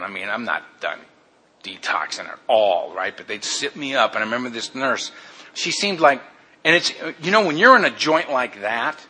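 Bright-voiced man telling a blunt personal story. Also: mid-range voice, husky. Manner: candid and blunt, addresses listeners as "man". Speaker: speaker telling his recovery story. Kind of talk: personal testimony, casual storytelling.

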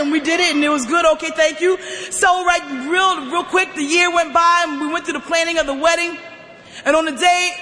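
An emphatic woman tells her own story to a recovery meeting. Her forceful voice often rises close to a shout. The sound carries long reverb, as if from a large hall. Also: very high-pitched. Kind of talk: personal testimony share.

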